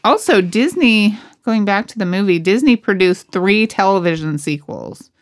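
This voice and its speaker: A woman co-hosting a podcast, relaxed and chatty as she shares trivia about an actress's films. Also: medium pitch, moderate pace. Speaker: podcast co-host. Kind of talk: casual chat about film cast trivia.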